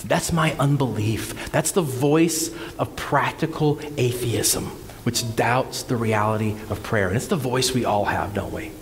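A man's voice: mid-range voice, a little slow, few pauses, long reverb tail. A man preaching a sermon as pastor, earnest and conversational, often repeating words as he talks.

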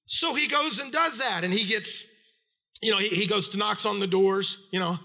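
Male preacher, high voice, bright tone, storytelling sermon, acts out quoted voices. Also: moderate pace, gravelly.

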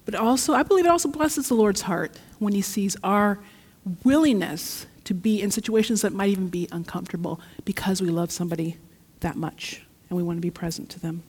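A woman preaching a sermon in a church, telling a story in a lively, heartfelt way. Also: medium pitch, a little fast, husky. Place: church sanctuary. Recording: long church reverb.

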